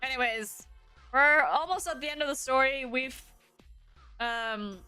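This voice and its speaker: Bright-voiced young woman streamer. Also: high voice, unhurried, clear, resonant tone, no echo. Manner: chatty, laughing asides, dramatic reactions. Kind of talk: game playthrough commentary. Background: soft game music.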